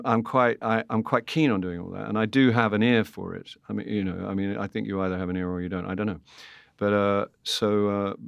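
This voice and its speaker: An older British man with a lowish voice talks in a halting, self-deprecating way, circling back through fillers and restarts. The sound is close and dry, with no room around it. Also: creaky, no room sound, dull audio. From Britain. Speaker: guest actor. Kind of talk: casual interview chat.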